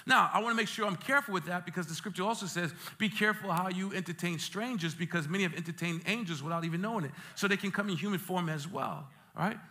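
High, bright-voiced joking pastor. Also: male voice, quick pace, few pauses. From Brooklyn, New York. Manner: lively, joking, streetwise asides. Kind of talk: sermon. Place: church sanctuary.

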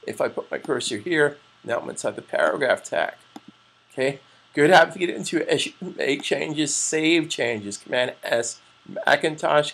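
A man's voice: medium pitch, gravelly, fairly bright tone, breathy edge. A man teaching web page design in a screencast tutorial, often repeating and restating terms and calling viewers guys.

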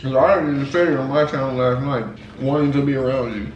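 A man's voice: mid-range voice, steady tone, fairly quick, recorded from a distance, dull audio. A young man bantering casually and teasing in a laid-back way. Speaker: guest, father of her child. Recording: roomy, a bit off-mic.

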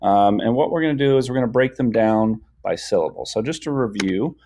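A young man teaching a lesson over a shared screen, patient and full of fillers, slowing down to sound out words. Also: lowish voice, animated, darkish tone.

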